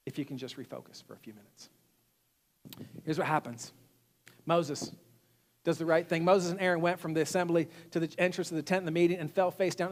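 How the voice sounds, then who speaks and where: A male pastor giving a sermon in an animated way, asking the congregation questions. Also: high voice, in a large hall. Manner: animated, acts out quotes, asks the audience questions.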